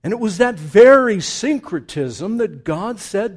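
Dynamic, slightly high-voiced male preacher. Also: animated, a little slow, hardly any pauses. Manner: dynamic, swinging from hushed asides to loud emphatic build-ups; repeats words for emphasis. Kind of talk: sermon.

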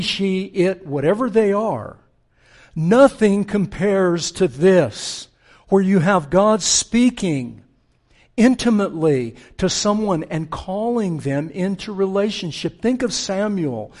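A middle-aged male pastor preaching a sermon earnestly, dropping to a hush for tender quotes and rising with force to make his points. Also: fairly high pitch.

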